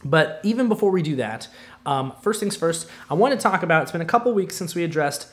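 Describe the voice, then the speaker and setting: A man's voice: fairly high pitch, lively intonation, fairly quick. A man co-hosting a casual chat podcast, rambling off on tangents with lots of ums and restarts. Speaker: podcast co-host.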